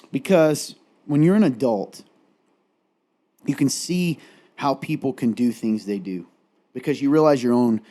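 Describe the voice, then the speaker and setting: A man's voice: medium pitch, animated, unhurried, long pauses, dark tone. A man co-hosting a candid faith-based conversation, earnest and rambling, close to tears as he speaks. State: tearful, close to crying. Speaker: podcast co-host.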